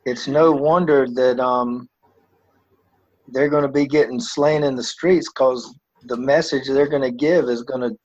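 A man discussing scripture in a measured, halting way, on a lo-fi tape recording. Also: medium pitch, steady tone, a little mellow, no room sound. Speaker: Bible study participant. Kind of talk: reflective Bible discussion.

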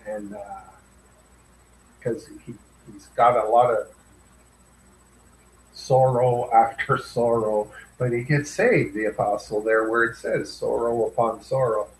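A man thinking aloud in a group Bible discussion, halting and searching for words with many restarts. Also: mid-range voice, roomy sound, a little hiss or hum, poor audio. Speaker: Bible study participant.

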